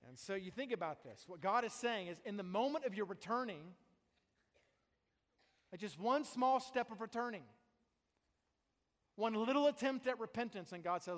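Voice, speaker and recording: A man's voice: sits high, expressive, normal speed, long pauses, a bit bright, big-room sound. A man preaching a sermon to a congregation in a church, speaking emphatically and often repeating and restarting his phrases. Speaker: pastor. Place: church sanctuary before a congregation.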